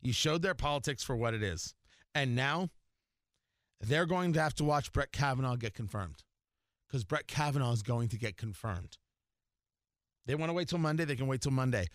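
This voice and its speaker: A man's voice: medium pitch, lively intonation, moderate pace, pauses often, a bit bright, dry recording, clean studio sound. A man hosting a talk radio show, delivering sarcastic, mocking political commentary.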